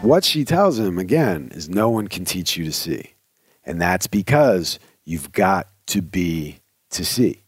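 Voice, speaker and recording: A man's voice: sits low, very animated, unhurried, husky, dry recording, faint music behind. A man hosting a podcast, giving earnest, conversational commentary with frequent restarts. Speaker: podcast host. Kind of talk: reflective spoken commentary.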